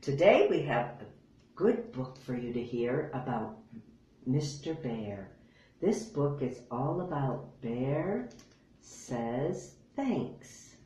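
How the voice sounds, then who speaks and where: Slow, lively older woman reading storytime. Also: rumbling low. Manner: gentle, slow, expressive. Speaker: storytime reader. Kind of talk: reading a picture book aloud to children. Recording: echoey room.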